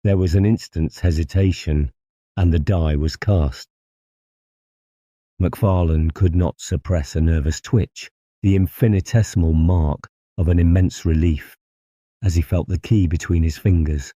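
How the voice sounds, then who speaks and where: A man narrating a classic horror story in a slow, grave, deliberate way. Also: sits low, fairly even intonation, warm tone, no room sound, muffled recording. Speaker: audiobook narrator.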